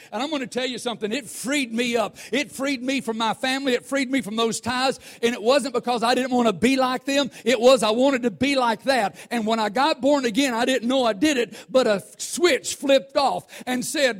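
A man preaching a sermon, talking conversationally to the congregation and swelling into shouts. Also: extremely high pitch, a little fast, few pauses. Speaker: pastor.

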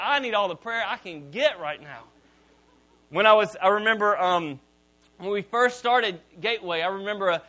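A man preaching a sermon as pastor, telling stories in an animated way with frequent restarts. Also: high-pitched. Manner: animated storytelling with repeated restarts.

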